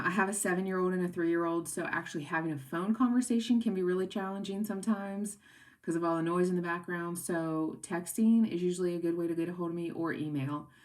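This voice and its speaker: A woman's voice: fairly low pitch, a little mellow. A woman in her thirties, an instructor giving a casual, rambling class briefing with many fillers, while she has the hiccups. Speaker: course instructor.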